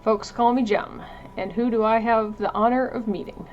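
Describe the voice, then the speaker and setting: A woman's voice: fairly high pitch, fairly even intonation, normal speed, dull audio, a little hiss or hum, lightly acted. A woman voicing a folksy, overly courteous frontier town greeter who speaks with genteel, flowery politeness.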